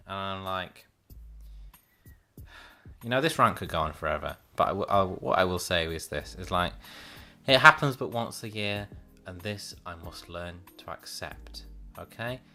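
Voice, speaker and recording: A man's voice: deep voice, moderate pace, sharp tone, soft background music. A man in his late twenties from the North of England with a Northern English accent, ranting sarcastically to camera in a vlog and swearing freely. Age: late 20s. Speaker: vlogger.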